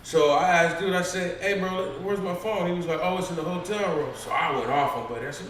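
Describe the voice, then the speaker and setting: A man with a slightly high voice rambles through a story, full of fillers and cursing. He sounds far from the mic in a very echoey room, with faint noise behind him. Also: quick pace, hardly any pauses, a bit bright. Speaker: guest telling stories. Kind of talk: casual livestream chat.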